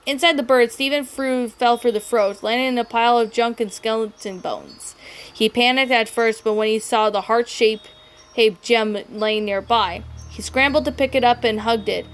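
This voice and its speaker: A woman's voice: fairly high pitch, moderate pace. A woman narrating a fan story aloud, often stumbling and correcting herself. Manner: stumbling, self-correcting reading. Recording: faint background music.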